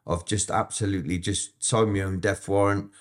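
A man's voice: sits low, fairly even intonation, normal speed. A man recounts his past in a sit-down interview. He talks bluntly and swears constantly, stumbling and restarting as he goes. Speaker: interview guest. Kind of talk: candid storytelling interview.

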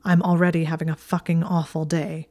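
A woman's voice: sits low, level tone, a little fast, mellow. A woman voicing a hot-tempered teenage boy wizard who speaks in clipped snarls, in an audiobook reading. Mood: angry.

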